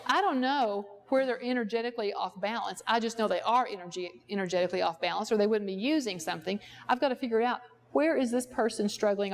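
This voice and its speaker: A woman therapist teaching a workshop, explaining through a client example and putting rhetorical questions to the audience. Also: mid-range voice. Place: workshop room at a ranch.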